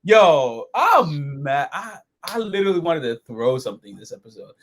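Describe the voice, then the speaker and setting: A man talks through an episode in a loose, rambling review chat, swearing freely. His voice sits a touch high and swings widely in pitch. He keeps it casual and animated throughout. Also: normal speed. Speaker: show host reviewing episodes.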